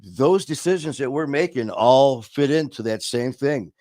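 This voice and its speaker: A man co-hosting a casual recovery talk show, speaking earnestly and telling personal stories, dropping quieter on painful moments. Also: medium pitch, animated, a little slow, dry recording. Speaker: podcast co-host.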